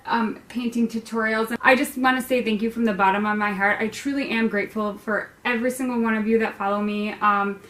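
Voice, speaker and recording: Bubbly lady painting teacher, kinda high voice, lots of ums, echoey room. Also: fairly even intonation, brisk, hardly any pauses, fairly bright tone. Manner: bubbly, rambling with many ums. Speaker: painting tutorial host. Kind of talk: casual chat to viewers.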